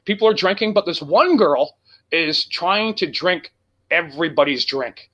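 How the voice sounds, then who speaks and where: A man telling a profane, animated road story as a guest on a casual talk show. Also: on the high side, unhurried, muffled recording. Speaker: guest musician.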